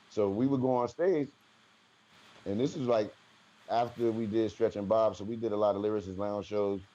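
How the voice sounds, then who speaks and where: A man's voice: lowish voice, moderate pace, highs cut off. A man with a New Jersey accent, a rapper guest telling slangy stories in a casual interview. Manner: animated storyteller, slangy, acts out quotes.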